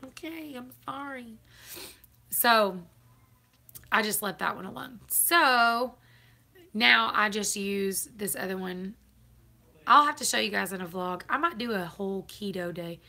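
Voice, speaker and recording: A woman's voice: mid-range voice, unhurried, creaky, long pauses, bright, forceful tone. A woman chatting casually on a live stream, laughing often. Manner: chatty, laughs often, Southern turns of phrase.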